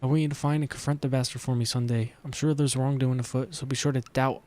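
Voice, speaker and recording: Scheming merchant, wary and hushed, as a man reads him out; low, confiding delivery. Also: flat delivery, fast, natural voice.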